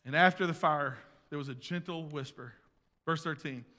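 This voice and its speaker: A man preaches a sermon in a church sanctuary, his voice ringing with a long hall reverb. His tone is bright and fairly high, and he moves between loud, driving emphasis and quiet, hushed asides. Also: moderate pace. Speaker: pastor.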